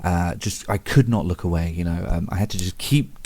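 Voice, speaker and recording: A man with a very low voice talks casually about a book he loves. He rambles, restarts his sentences and chuckles at his own slips, like a relaxed video host. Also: normal speed, no room sound. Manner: rambling, many fillers and restarts, self-amused. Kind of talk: casual spoken book commentary.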